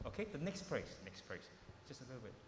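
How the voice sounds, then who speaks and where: A man's voice: mid-range voice, sing-song, quick pace, noisy background. A man teaching piano in a workshop, coaching in an informal way with repeated words and simple phrasing. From Malaysia. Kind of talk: masterclass teaching. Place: large hall with a piano. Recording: roomy hall echo with piano playing.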